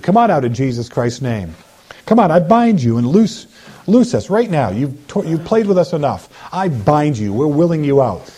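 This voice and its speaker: A man with a husky, mellow voice leads a deliverance prayer in a lively, swinging delivery. He chants list after list of spirits and orders them out, with many repetitions. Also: fairly high pitch, normal speed. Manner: commanding, repetitive, slips into mocking voices of sinners. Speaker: deliverance minister.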